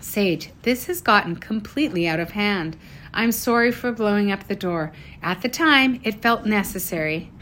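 A woman voicing a stiff, formal grown-up father in a storybook reading, speaking in a measured, formal way. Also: mid-range voice, lively intonation, fairly bright tone, slight background noise, close to an everyday voice. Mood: pleading.

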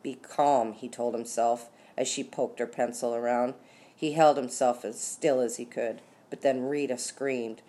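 Low-voiced woman reading a children's story. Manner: expressive, lively storytelling with slowed dramatic beats. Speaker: audiobook narrator. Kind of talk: scripted narration.

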